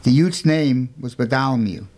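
A man's voice: medium pitch, normal speed, a little mellow. A man telling a saint's story on a talk show, emphatic, with rhetorical questions.

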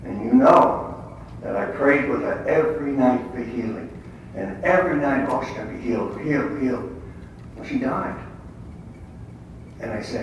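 A man's voice: mid-range voice, normal speed, pauses often. An older man giving a faith talk to a group, telling stories with quoted dialogue in an emphatic way. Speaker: lay speaker at a prayer meeting. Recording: echoey hall, distant mic, faint background noise.

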